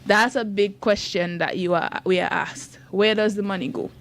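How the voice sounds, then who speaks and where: A woman's voice: mid-range voice, fairly even intonation, moderate pace. A woman, a youth group leader chatting on a radio show in an upbeat, laughing way. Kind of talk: casual radio chat promoting an event. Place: radio studio.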